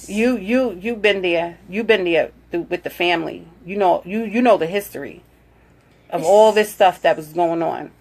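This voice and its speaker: This livestream host speaks at a moderate pace in a lowish voice. Chatty and warm, she welcomes viewers as she reads their comments and guides her daughter like a caring mom during the casual broadcast.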